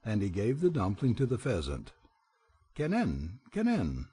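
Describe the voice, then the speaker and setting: A man narrates a children's tale with lively, animated expression. His voice is low and mellow, with a husky, slightly breathy grain. The reading swings freely up and down in pitch. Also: brisk. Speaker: audiobook reader. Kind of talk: storybook narration.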